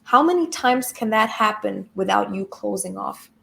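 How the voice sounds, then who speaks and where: A woman's voice: mid-range voice, lively intonation, normal speed, creaky, fairly bright tone, slight background noise. A woman spiritual coach giving an emphatic, blunt motivational talk with casual swearing.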